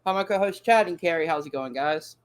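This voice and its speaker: A man's voice: fairly high pitch, brisk, clear, resonant tone. A man hosting a casual chat show, upbeat and eager, with frequent fillers. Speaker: podcast host.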